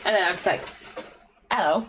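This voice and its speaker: A woman's voice: mid-range voice, animated, moderate pace, noisy background. A British woman streamer giving casual, chatty let's-play commentary, often giggling.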